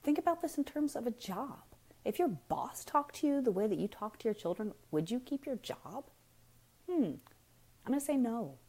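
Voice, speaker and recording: A woman's voice: a little high, big pitch swings, moderate pace, a little mellow. Blunt woman talking parenting on a live stream. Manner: emphatic, full of rhetorical questions; frank and blunt, addresses viewers directly. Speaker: parenting speaker. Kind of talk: casual live-stream talk.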